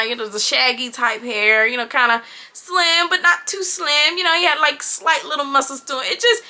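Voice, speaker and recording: High, bright-voiced chatty woman. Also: moderate pace. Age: 20s. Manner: animated, chatty, talks straight to viewers with slang. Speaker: vlogger. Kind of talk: casual storytime chat. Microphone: on-camera mic.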